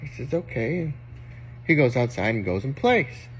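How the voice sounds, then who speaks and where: A man's voice: medium pitch, sing-song, normal speed, fairly bright tone, faint music behind. A man telling crude jokes to his family, acting out the characters' voices and laughing at his own punchlines. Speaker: joke teller.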